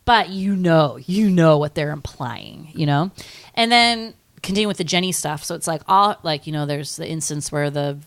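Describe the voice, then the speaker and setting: A woman's voice: low voice, lively intonation, normal speed. A young woman co-hosting a podcast, rambling through a film discussion with lots of "like" and casual swearing. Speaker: podcast co-host.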